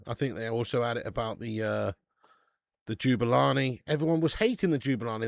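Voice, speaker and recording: A man's voice: medium pitch, dry recording. A man hosting a live football watch-along, chatting in casual banter, swearing freely and calling everyone mate.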